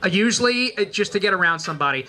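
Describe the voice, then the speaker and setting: A man from Israel performing stand-up, firing off jokes in short, punchy lines. His voice sits high and sounds very bright and sharp. The pace is quick. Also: lively intonation. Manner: quick punchy joke delivery. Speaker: stand-up comedian. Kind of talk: stand-up routine.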